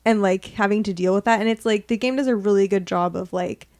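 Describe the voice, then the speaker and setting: A woman's voice: mid-range voice, brisk. A woman in casual chat, speaking animatedly and filling her sentences with "like" as she acts out what others say. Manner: animated, lots of "like" fillers, acts out quotes. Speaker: podcast guest.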